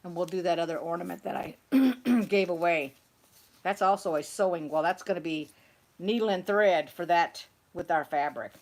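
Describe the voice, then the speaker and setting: A woman's voice: on the low side, normal speed, darkish tone. A middle-aged woman chatting and teasing while she crafts on a home livestream. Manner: chatty, teasing, self-correcting. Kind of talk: casual chat while crafting.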